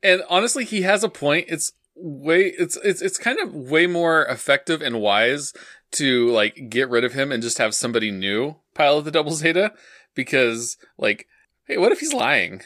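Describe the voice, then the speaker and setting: A man co-hosting a casual anime recap podcast, making relaxed, dry comments. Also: a little high, moderate pace, no echo. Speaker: podcast co-host.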